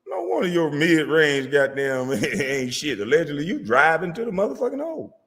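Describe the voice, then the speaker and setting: A man delivering a profane, mocking comedic rant as a vlogger, sometimes breaking into shouts. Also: on the high side, wildly swooping pitch, normal speed, in a large hall. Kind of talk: comedic rant reacting to sports media.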